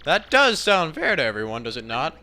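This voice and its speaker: Pompous showboat captain, voiced by a man; grand and theatrical, bright and highish. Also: huge pitch swings, brisk, full character voice. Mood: grandiose. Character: pompous flamboyant male merchant captain.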